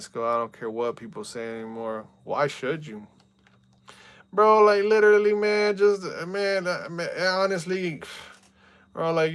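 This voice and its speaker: A young man streaming and chatting casually, venting with heat and repeating "bro" and "man" a lot. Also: medium pitch. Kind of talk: casual chat.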